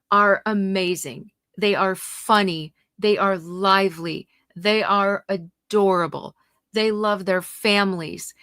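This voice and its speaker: A woman's voice: mid-range voice, fairly bright tone, no echo, studio quality. A middle-aged woman hosting a livestream, talking passionately and indignantly, reacting to her viewers' comments. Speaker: host.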